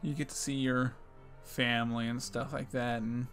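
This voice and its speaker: A young man co-hosting a podcast, making edgy jokes with sarcastic, deadpan asides in casual chat. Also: mid-range voice, normal speed, music in the background. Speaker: podcast co-host.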